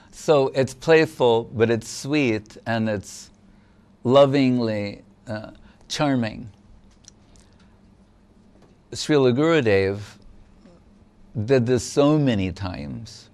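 A man giving a devotional discourse as a spiritual lecturer, explaining gently and pausing often with fillers. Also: medium pitch.

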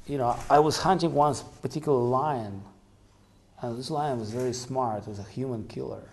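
A man retelling devotional legends in a gravelly, creaky voice. He speaks haltingly, full of small fillers and restarts. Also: medium pitch, darkish tone, slight background noise. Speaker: storyteller. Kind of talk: devotional storytelling.

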